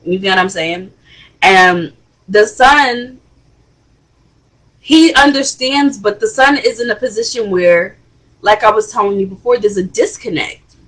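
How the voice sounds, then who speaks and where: A woman hosting a casual reality TV review, chatty and expressive, with rising exclamations. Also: medium pitch, a little slow, long pauses, rough recording. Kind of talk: casual commentary.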